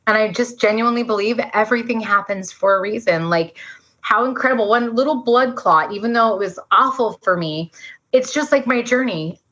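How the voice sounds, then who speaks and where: A woman in her forties telling a personal story as a podcast guest, fast and earnest, saying "like" often. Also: fairly high pitch, a bit bright. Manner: fast, earnest, says "like" a lot. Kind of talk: emotional storytelling. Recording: dull lo-fi sound.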